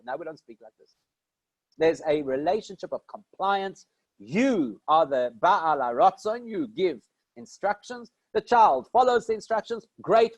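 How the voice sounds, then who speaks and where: A man's voice: a little high, a little mellow, dry recording, rough recording. A man from South Africa giving a conversational Torah lesson, posing questions and answering them himself. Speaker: rabbi teaching a class. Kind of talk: Torah lecture.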